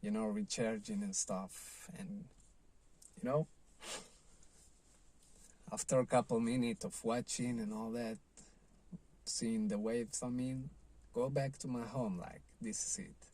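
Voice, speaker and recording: A man's voice: medium pitch, fairly even intonation, slow pace, long pauses, warm tone. A man telling a personal surfing story in a loose, rambling vlog style, full of "like" and "you know". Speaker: surfing vlogger.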